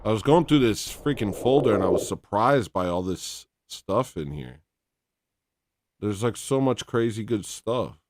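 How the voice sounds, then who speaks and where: A man hosting a casual livestream, reading donations and rambling in a deadpan, teasing, self-mocking way. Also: lowish voice, measured pace.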